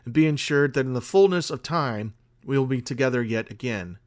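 A man reading the lines of a mysterious, calm woman fortune-teller who speaks cryptically and flatly. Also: medium pitch, a little fast, close to an everyday voice. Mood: cryptic. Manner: cryptic, flat, final. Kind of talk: read-aloud story dialogue.

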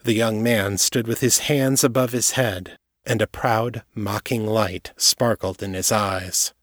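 A man with a low voice reads an audiobook chapter in a steady, measured way. The recording is dry and close, with no room sound. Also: no room sound. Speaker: audiobook narrator. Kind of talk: scripted narration.

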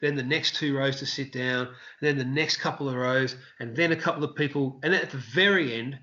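An Australian man, a street performer, telling rambling, animated anecdotes in a casual interview. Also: medium pitch, fairly quick, highs cut off.

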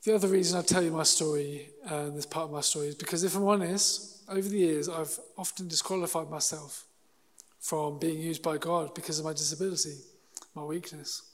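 A man preaching a sermon in an earnest, halting way, often restarting his sentences. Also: on the high side, fairly even intonation, long reverb tail. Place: church hall.

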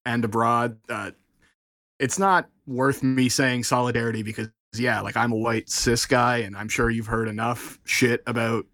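A man's voice: medium pitch, flat delivery, normal speed, fairly bright tone, no room sound, clean studio sound. Earnest swearing male podcast co-host. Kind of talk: casual chat.

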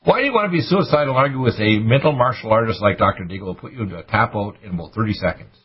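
A man hosting a radio show, ranting urgently and preachily with sudden high-pitched bursts. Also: expressive, very fast, slightly rough, dull audio. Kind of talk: impassioned radio talk.

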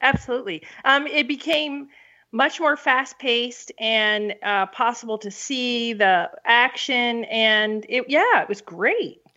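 A woman's voice: fairly high pitch, slow, pushed and bright. A woman author talking in a casual conversation, direct and plain-spoken. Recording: dull lo-fi audio.

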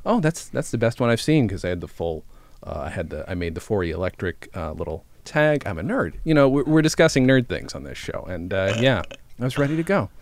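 A man's voice: sits low, sing-song, a little fast. A man hosting a podcast, chatting casually with enthusiasm, laughing often and poking fun at himself. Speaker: podcast host. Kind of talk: casual conversation.

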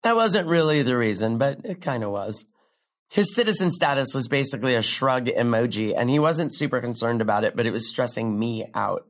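A young woman playing a brash comic who delivers a rambling, sardonic, profane stand-up story with big leaps in pitch. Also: lively intonation, brisk, exaggerated voice. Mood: wry. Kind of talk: stand-up comedy monologue in a drama.

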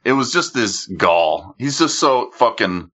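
A man's voice: medium pitch, sing-song, unhurried, bright, forceful tone, husky, dull audio. A man in casual chat, rambling through crude stories and swearing freely.

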